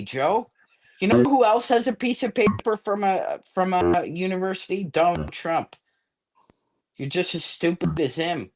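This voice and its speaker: A man's voice: high voice, animated, a little slow, vocal fry, a little mellow, slight background noise. A man on a casual sports podcast, bluntly trading insults and arguing with his co-host.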